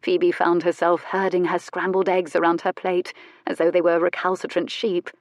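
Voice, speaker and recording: A woman with a lower-pitched voice reads romance narration in a measured, even way. The recording is dry and close, with no room sound. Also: no echo. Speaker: audiobook narrator. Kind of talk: scripted audiobook narration.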